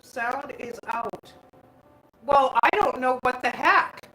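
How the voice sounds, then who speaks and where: A woman's voice: high voice, takes it slowly, pushed and bright. A woman hosting a casual live stream from her home kitchen on a phone, chatting and reading out viewer comments as she answers them. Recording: echoey room, faint background hum.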